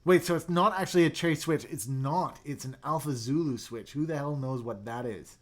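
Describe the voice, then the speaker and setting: Young male livestream host, slightly higher voice, excitable and rambling with quiet mumbled asides. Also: fairly quick. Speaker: livestream host reviewing keyboards. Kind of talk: casual livestream chat reading viewer comments.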